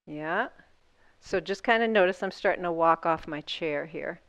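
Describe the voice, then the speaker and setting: A woman instructor guides a seated yoga class, encouragingly talking through each movement step by step. Her voice is on the low side and a bit bright, at a normal speed. The recording is dry.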